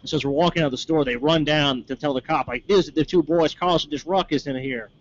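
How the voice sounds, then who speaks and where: A man co-hosting a call-in podcast, telling stories fast and animatedly. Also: fairly high pitch, highs cut off. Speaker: podcast co-host. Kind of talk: casual storytelling chat.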